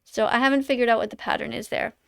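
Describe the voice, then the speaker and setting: A woman's voice: fairly high pitch, fairly even intonation, fast, gravelly, smooth. A woman in her fifties, a vegan activist, casually explaining her videos in a rambling, explanatory way. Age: 50s.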